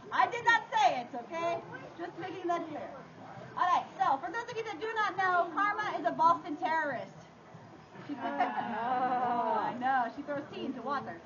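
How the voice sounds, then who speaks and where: A woman with a very high voice runs a live dog show on an outdoor faire stage. She talks to the crowd in a playful, theatrical way. The recording sounds dull and lo-fi, with clear noise behind her. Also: animated, normal speed.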